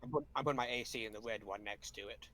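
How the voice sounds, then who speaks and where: A man playing a tabletop game in casual chat, making sarcastic, quick asides. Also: fairly low pitch, steady tone, fairly bright tone, dry recording. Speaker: player.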